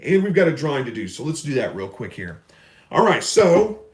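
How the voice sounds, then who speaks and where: A man's voice: fairly high pitch, very animated, moderate pace, crowd noise. Folksy man hosting a live Q&A. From Missouri, USA. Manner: folksy, rambling, reads viewer questions aloud. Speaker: livestream host. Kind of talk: casual live Q&A. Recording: roomy echo.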